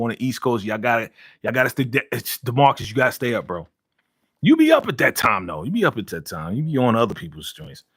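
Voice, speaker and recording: A man's voice: medium pitch, a bit bright, no room sound, clean studio sound. A man hosting a casual live stream, reading viewer comments aloud and ranting heatedly with laughs in between. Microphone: studio podcast mic.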